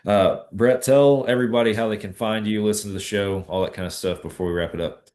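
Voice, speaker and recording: A man's voice: lowish voice, steady tone, fast, a little mellow. A man hosting a podcast interview, easygoing and often restarting his sentences. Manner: easygoing, hesitant, many restarts. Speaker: podcast host. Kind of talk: casual interview.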